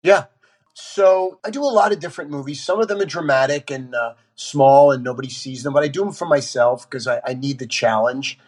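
A man's voice: mid-range voice, a little fast. A man, a guest on a podcast, telling candid stories bluntly and swearing casually. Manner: blunt, animated storyteller who swears casually. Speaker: actor guest.

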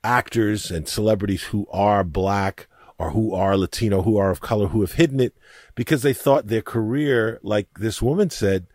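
A man co-hosting a discussion, talking in an emphatic, animated way. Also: fairly low pitch, normal speed, no echo. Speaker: co-host. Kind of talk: casual discussion. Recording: dry close mic.

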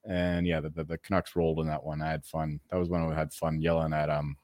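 A man co-hosting a podcast, rambling casually about hockey bets with halting restarts and the odd swear. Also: extremely low pitch, little pitch movement, darkish tone, no room sound, studio quality. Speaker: podcast co-host. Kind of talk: casual sports betting chat.

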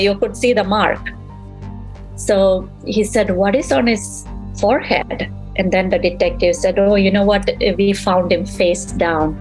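In an interview, a grieving middle-aged mother relives what happened, voicing the remembered conversations as she emotionally recalls them. She has a mid-range voice, captured in a rough recording.

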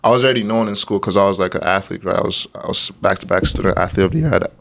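A man's voice: low-pitched, rapid-fire, vocal fry, fairly bright tone, slight background noise. A young man from Nigeria, the guest, telling a story in casual chat and laughing often along the way.

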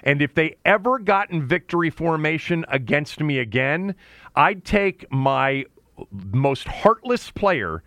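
A man's voice: a little high, animated, slow pace, pushed and bright, dry recording, studio quality. A man co-hosting a casual sports talk show, blunt and opinionated, cursing freely and restarting his sentences often. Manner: blunt, swears, many restarts. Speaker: podcast co-host.

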